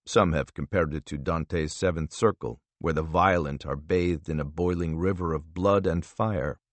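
A man voicing a calm, menacing male interrogator who speaks softly and slowly with quiet threat. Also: very deep voice, dry recording, voice pushed down. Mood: calm menace. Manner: soft, slow, quietly threatening.

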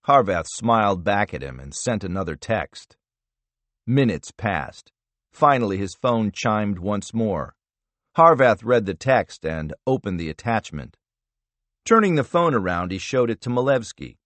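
A man reading a thriller audiobook in an expressive, measured narration style. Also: fairly low pitch, no room sound.

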